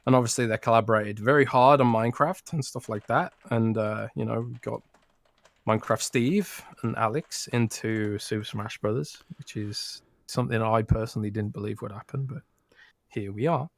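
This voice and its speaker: A man's voice: on the low side, steady tone, normal speed, creaky, no room sound. A man with a British accent co-hosting a casual podcast, chatty, often restarting his sentences and laughing easily. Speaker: podcast co-host.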